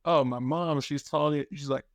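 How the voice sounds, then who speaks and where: A man co-hosting a podcast, telling family stories in a lively way and acting out the voices of the people he quotes. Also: a little high, a little fast, no echo. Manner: animated storyteller, acts out quotes. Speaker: podcast co-host. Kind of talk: casual chat.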